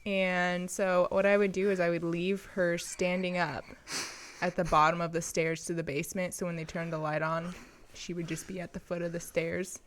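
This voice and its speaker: A woman co-hosting a podcast, telling stories in a relaxed, deadpan, casual way and swearing now and then. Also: lowish voice, normal speed, crowd noise. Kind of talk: casual storytelling chat.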